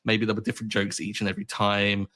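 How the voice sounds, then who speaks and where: A man's voice: fairly low pitch, completely flat delivery, fast, sharp tone. A man co-hosting a podcast, chatting casually in a rambling way with many fillers. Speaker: podcast co-host. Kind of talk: casual chat.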